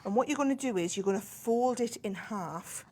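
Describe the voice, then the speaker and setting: This woman from northern England speaks a little fast in a slightly high, mellow voice with lively intonation. A crafting guest expert, she chats her way through a step-by-step sewing demo, punctuated with "right?"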